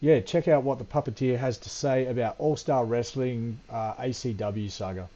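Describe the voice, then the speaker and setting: A man's voice: medium pitch, normal speed, warm tone. A man hosting a podcast, casually rambling with many hesitations. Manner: rambling, hesitant, says mate. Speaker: podcast host. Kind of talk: casual interview chat. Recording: dull lo-fi audio with faint music.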